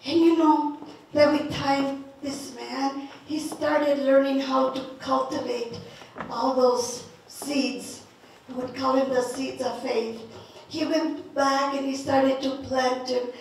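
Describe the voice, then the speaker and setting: Slow, high-voiced woman storyteller from New Mexico. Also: vocal fry, a little hiss or hum. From northern New Mexico. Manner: lively, laughing, slow telling. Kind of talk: folk tale storytelling. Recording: echoey, from far off.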